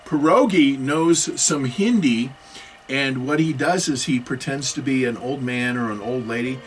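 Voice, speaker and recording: A man's voice: medium pitch, unhurried, a little hiss or hum, poor audio. A middle-aged man giving a casual talk on computer security, with joking, self-mocking asides.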